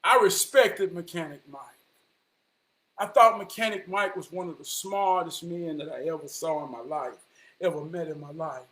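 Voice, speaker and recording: A man, telling a personal story in an animated, vernacular way. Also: a little high, moderate pace. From Charlotte, North Carolina. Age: 40s. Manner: animated, vernacular, quotes people in dialogue.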